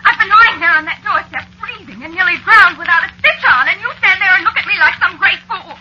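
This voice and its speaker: A woman's voice: on the high side, sing-song, moderate pace, muffled recording, a little hiss or hum, full character voice. A sly, jealous witch wife. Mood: indignant. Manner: teasing, coy, softly threatening. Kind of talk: old-time radio drama acting.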